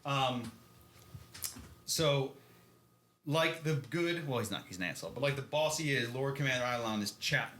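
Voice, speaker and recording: A man's voice: mid-range voice, animated, moderate pace, long pauses, fairly bright tone, roomy sound, a little hiss or hum. A man co-hosting a podcast, recapping a book in a rambling, filler-heavy way and often laughing. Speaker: podcast co-host. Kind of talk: casual chat recapping a book.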